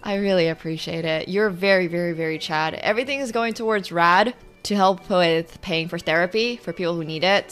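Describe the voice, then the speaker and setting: A woman streaming her online chess games, talking through the moves and swinging from quiet muttering to loud outbursts. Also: on the low side, fairly quick, hardly any pauses, smooth, faint music behind. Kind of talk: live commentary while playing online chess.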